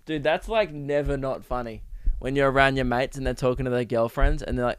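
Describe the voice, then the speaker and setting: A man's voice: medium pitch, a little fast, fairly bright tone, clear, resonant tone, dry recording. A young man hosting a comedy podcast, riffing crudely and acting out silly bits. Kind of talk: rambling comic monologue.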